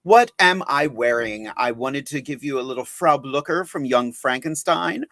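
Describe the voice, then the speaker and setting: A man's voice: medium pitch, animated, normal speed, fairly bright tone, no echo. Chatty, upbeat man hosting a podcast. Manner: chatty, upbeat and self-mocking. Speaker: podcast host and drag artist. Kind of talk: casual livestream chat.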